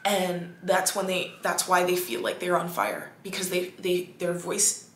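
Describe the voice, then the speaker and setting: Chatty woman with a gravelly voice. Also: on the low side, a little slow, reverberant, a little hiss or hum. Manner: animated, chatty, many "like"s and restarts. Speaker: podcast host. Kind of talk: casual monologue.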